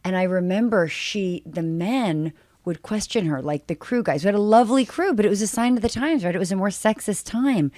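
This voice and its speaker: A woman co-hosting a casual podcast, telling behind-the-scenes memories in an animated way. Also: mid-range voice, brisk, no echo. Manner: warm reminiscing, animated storytelling. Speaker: podcast co-host. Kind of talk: casual recap podcast chat.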